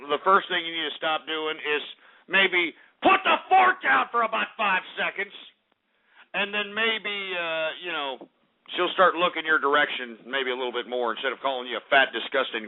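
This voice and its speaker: Brash male call-in radio host with a high voice, heard through a thin phone-like signal. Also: normal speed. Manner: brash, mocking, insults callers. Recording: phone-like lo-fi broadcast audio.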